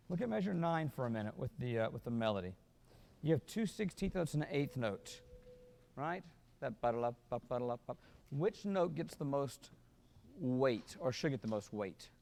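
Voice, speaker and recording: A man's voice: mid-range voice, very animated, measured pace, gravelly, pauses often, darkish tone, long reverb tail. A man rehearsing a wind band as a clinician, singing rhythms with syllables and counting the players in.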